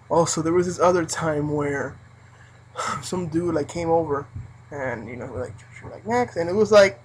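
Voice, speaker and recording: Husky young adult rambling through work stories. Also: mid-range voice, poor audio. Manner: rambling, heavy use of like and you know. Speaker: vlogger recounting fast-food job. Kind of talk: casual storytelling.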